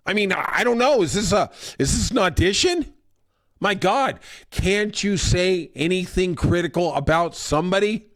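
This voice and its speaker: A man's voice: high voice, animated, moderate pace, fairly bright tone. A man hosting a podcast, delivering a sarcastic, ranting monologue with mocking impressions. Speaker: podcast host. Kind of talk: casual opinion monologue.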